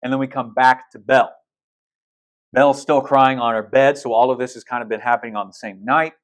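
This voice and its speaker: A man's voice: medium pitch, fairly even intonation, a little fast. Casual storytelling preacher man. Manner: casual, storytelling, retelling film scenes with restarts; blunt asides. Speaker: pastor. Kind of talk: sermon.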